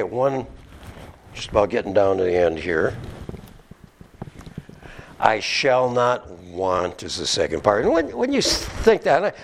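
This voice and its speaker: A man preaching a sermon in a church, reading scripture slowly with emphasis and talking through the meaning with small restarts. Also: on the low side. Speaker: pastor.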